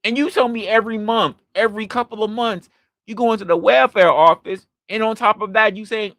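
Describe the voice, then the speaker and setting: A man's voice: sits high, fairly quick, dry recording, studio quality. A man hosting a live stream, reacting to chat and telling a story with a lot of swearing, voicing the people in it, while he drinks. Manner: profane, animated storytelling with voiced quotes. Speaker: podcast host.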